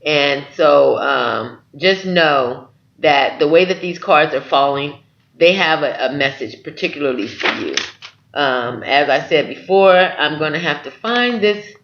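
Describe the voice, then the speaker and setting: Man, tarot reader, encouraging, earnest, fairly high voice, slightly dull lo-fi sound. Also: expressive, a little slow, creaky, slight background noise. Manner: encouraging, earnest, often asks "okay?". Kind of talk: spiritual tarot reading to camera.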